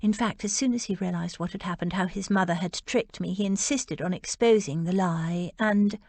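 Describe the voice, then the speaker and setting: A woman's voice: on the low side, moderate pace, darkish tone, no echo. A woman voicing a spirited, defensive young Regency lady who speaks emphatically and stubbornly.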